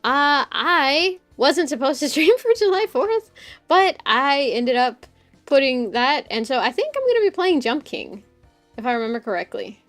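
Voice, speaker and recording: A woman's voice: high-pitched, big pitch swings, moderate pace, a bit bright, soft background music. A woman hosting a casual live stream, talking chattily, giggling often and swearing freely as she jumps from topic to topic. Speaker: streamer host.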